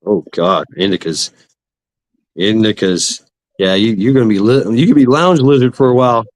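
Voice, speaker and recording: A man's voice: on the low side, normal speed, no room sound. A man hosting a casual livestream, rambling and swearing as he greets chat viewers. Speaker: livestream host. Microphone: computer mic for online stream.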